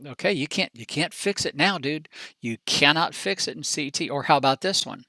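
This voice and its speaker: A man's voice: a little high, a little fast, dry recording. Folksy chatty male trainer, dry close sound. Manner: folksy, chatty and animated, with slang asides. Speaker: CAD software trainer. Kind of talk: casual presentation.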